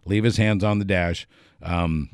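Deep-voiced man telling a story. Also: measured pace, clean tone, dry recording, clean studio sound. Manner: chuckles often while telling; relaxed, rambling with fillers. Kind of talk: casual anecdote telling.

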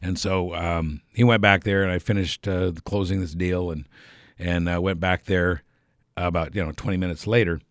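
A man's voice: sits low, steady tone, normal speed, no echo, studio quality. A middle-aged man telling a rambling anecdote on the radio, correcting himself and chuckling as he goes. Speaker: storyteller on a radio program. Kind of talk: casual anecdotal storytelling.

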